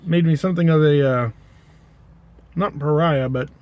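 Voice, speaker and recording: A man's voice: a little high, moderate pace, dull audio. A man casually telling an anecdote to the camera, rambling, correcting himself and adding dry asides. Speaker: pipe-smoking vlogger.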